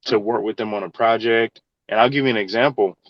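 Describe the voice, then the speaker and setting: A man's voice: lowish voice, a little fast, no room sound, muffled recording. A man, an engineer in real estate, answering interview questions in an earnest, conversational way. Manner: earnest, advice-giving, conversational.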